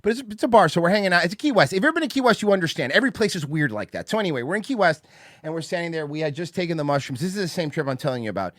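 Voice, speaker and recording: A man chatting on a podcast, telling stories at a rapid clip with a voice that swings high and low. He acts out the shouts of the people in his tales. The sound is dry and close, like a studio mic. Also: dry recording. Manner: animated storyteller who acts out other people's shouts. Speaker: podcast host. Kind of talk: casual podcast chat. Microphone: studio microphone.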